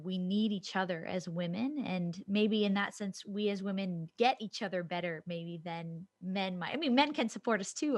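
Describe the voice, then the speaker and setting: A woman speaks reflectively as a talk-show guest, her voice a little low. The sound is dry, with no room echo. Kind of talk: interview answers.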